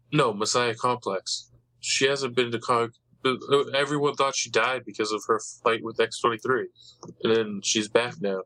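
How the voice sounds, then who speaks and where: A man's voice: fairly low pitch, sharp tone, dry recording, rough recording. A man hosting a casual podcast chat, rambling eagerly about comic books. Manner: rambling, eager comic-book fan talk.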